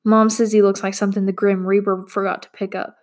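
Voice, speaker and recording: A woman's voice: mid-range voice, flat delivery, a little fast, darkish tone, natural voice. A woman doing a smug, taunting boy. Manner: casual, chatty taunting. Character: cocky mean boy, smugly cruel.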